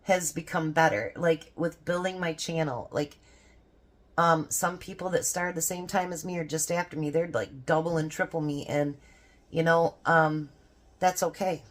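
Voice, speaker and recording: An older woman, a grandmother and homestead vlogger, chatting casually and rambling about faith and family, laughing often. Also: sits low. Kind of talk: casual devotional chat.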